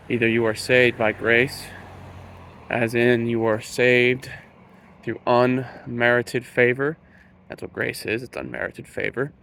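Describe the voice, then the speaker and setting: A man speaks in an earnest preaching monologue, his mid-range voice carrying a gravelly edge. He slows down and leans on the words he wants to stress. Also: mid-range voice, a bit bright, slight background noise. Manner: slow, emphatic, stresses key words. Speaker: Christian speaker.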